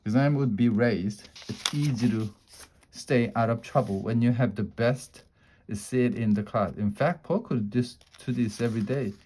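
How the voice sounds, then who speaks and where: A man reads a children's story aloud, lively and expressive. His voice sits at an ordinary middle pitch for a man. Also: normal speed, slight background noise. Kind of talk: reading a children's book aloud.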